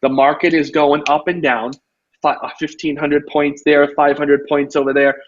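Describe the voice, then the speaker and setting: A man hosting a casual interview as a real estate coach, telling stories with lots of "you know" and an animated delivery. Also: fairly high pitch, normal speed, slight background noise. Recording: dull lo-fi audio.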